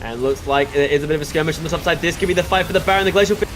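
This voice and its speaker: A man with an Australian accent giving excitable play-by-play commentary on a school esports match, shouting at the big plays. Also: on the high side, racing, slight background noise. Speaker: esports caster.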